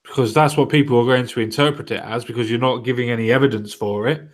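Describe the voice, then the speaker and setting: A man's voice: mid-range voice, fairly even intonation, quick pace. A man hosting a casual political podcast, talking loosely and mocking what others said. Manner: conversational, mocking quotes. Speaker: podcast host.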